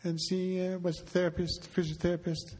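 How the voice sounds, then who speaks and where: Halting pastor in an echoing church. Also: male voice, sits high, little pitch movement, darkish tone. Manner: halting, emotional, with light humor. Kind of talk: heartfelt address to congregation. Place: church sanctuary. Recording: long reverb of a large hall.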